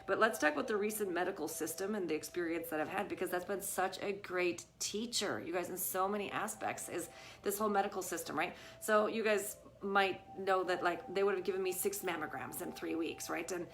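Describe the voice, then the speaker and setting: A woman's voice: lowish voice, brisk, a bit bright. A middle-aged woman vlogging casually to her viewers on a live stream, chatty and full of fillers. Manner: chatty, many fillers like "you guys" and "right?". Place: home with a dog nearby. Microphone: phone or camera on a live stream.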